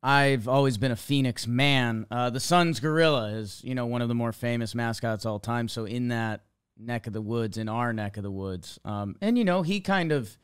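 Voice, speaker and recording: A man co-hosting a casual baseball podcast, full of jokes. He reads an upbeat ad in the same easy way. His voice is very clear and crisp. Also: medium pitch, moderate pace, dry recording, clean studio sound. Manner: jokey, upbeat ad reading. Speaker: podcast co-host. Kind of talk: casual sports chat and host-read ad.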